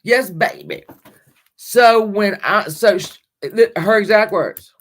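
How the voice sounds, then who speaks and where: A woman's voice: medium pitch, expressive, slow pace. A middle-aged woman hosting a livestream, chatting casually with viewers in a rambling way, laughing often and swearing lightly. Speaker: livestream host.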